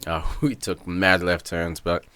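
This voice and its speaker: Deep-voiced man arguing soccer banter. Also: level tone, sharp tone, smooth. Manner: emphatic, argumentative, quick to agree or push back. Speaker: podcast co-host. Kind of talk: casual sports chat.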